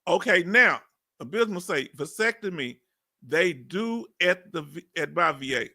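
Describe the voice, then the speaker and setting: Running a relaxed live stream, a Southern-accented Texan veteran in his fifties reads viewers' comments out loud and laughs frequently. He's chatty, with drawled asides, and speaks a little slowly in a gravelly, sharp, expressive voice on the high side.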